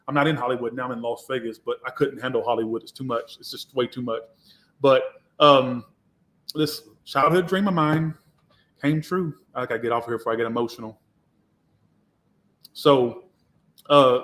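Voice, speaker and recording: A man's voice: a little high, steady tone, normal speed, long pauses. A man, a tarot reader from Georgia, telling his own story in a candid, reflective way with some swearing. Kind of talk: casual personal storytelling.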